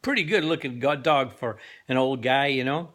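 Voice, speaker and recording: A man's voice: medium pitch, moderate pace, fairly bright tone. An older man telling a joke in a rambling, casual way, full of fillers and self-corrections. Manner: rambling, lots of fillers and laughter. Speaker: joke teller.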